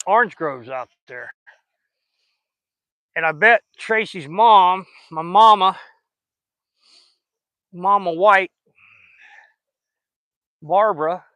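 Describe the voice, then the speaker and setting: Folksy Southern man, bright voice. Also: high-pitched, creaky, no room sound, low-quality recording. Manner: folksy, rambling, chatty. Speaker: fishing vlogger. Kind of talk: casual chat while fishing. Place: outdoors on a river.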